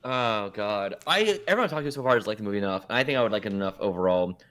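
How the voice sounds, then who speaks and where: A man's voice: lowish voice, expressive, very fast, a bit bright. A man co-hosting a podcast, chatting casually and rambling through his opinions, often correcting himself mid-sentence. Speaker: podcast co-host. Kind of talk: casual chat.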